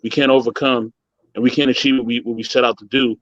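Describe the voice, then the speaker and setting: A man on a video call earnestly recounting a hurtful experience, emotional and halting, often saying "you know". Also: mid-range voice, flat delivery, fairly bright tone, no room sound, muffled recording. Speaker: guest sharing a story. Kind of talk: personal story on a video call.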